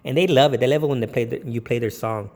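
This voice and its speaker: Gravelly-voiced man DJ rambling casually. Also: mid-range voice, fast talker, a little mellow, long reverb tail. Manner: rambling, with many ums and jokey put-on quotes. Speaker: DJ giving business tips. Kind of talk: casual talk to camera.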